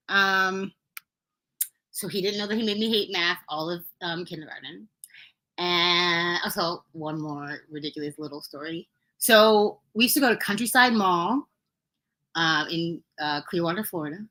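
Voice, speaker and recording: A young woman hosts her podcast in a relaxed storytelling mode. Her voice is bright and clear, sitting at a middle pitch. She laughs easily and jumps higher when she acts out what people said. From Brooklyn, New York. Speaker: podcast host. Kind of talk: casual storytelling.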